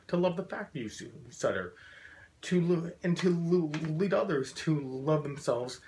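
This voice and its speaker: A man's voice: fairly high pitch, expressive, measured pace. A man with a profound stutter giving an earnest, encouraging talk to a support group, often repeating sounds and blocking on words.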